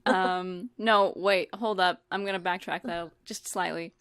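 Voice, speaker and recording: A woman's voice: fairly low pitch, fairly even intonation, unhurried, a bit bright, clear, resonant tone, dry recording, clean studio sound. A woman playing a tabletop game, thinking aloud with ums and laughing often. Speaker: player.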